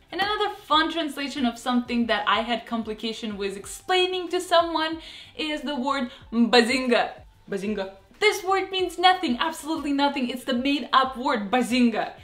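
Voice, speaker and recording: A woman's voice: fairly high pitch, fairly bright tone. A young woman from Russia with a Russian accent, chatting playfully in a casual vlog with big, exaggerated emphasis. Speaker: vlogger. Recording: echoey room with faint music.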